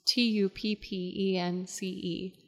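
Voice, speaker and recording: A woman's voice: mid-range voice, steady tone, measured pace, darkish tone. Tired woman, casual podcast chat, explains things patiently, long hall reverb. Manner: explains patiently, reads facts aloud. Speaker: podcast co-host.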